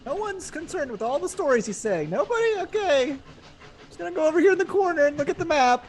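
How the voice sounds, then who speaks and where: Casting: a woman as a high, breathy, teasing investigator with a lively voice. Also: quick pace. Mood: sarcastic. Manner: sarcastic, teasing. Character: breathy airy young Canadian woman investigator.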